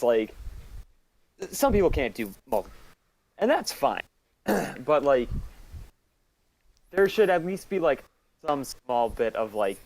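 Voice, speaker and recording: A man's voice: mid-range voice, darkish tone, low-quality recording. A man co-hosting a podcast in casual chat, adding dry joking asides. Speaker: podcast co-host.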